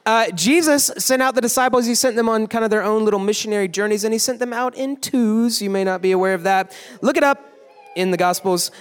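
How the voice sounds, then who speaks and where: A young man giving a joking youth sermon, teasing the crowd with quick asides in a large worship hall. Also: sits high, clean tone. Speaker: youth pastor. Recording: echoey hall.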